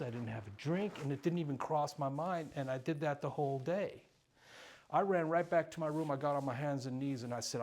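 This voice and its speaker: A man's voice: on the high side, a little mellow, slight background noise. Earnest man giving recovery testimony. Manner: earnest, emotional, speaks in short bursts. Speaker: recovery speaker. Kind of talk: personal testimony talk.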